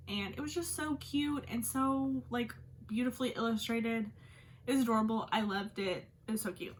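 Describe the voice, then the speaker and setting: A woman's voice: mid-range voice, fairly bright tone, a little hiss or hum. A woman hosting a book channel, chatting casually and gushing about what she read, with lots of "like". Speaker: book vlogger host. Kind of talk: casual book review chat.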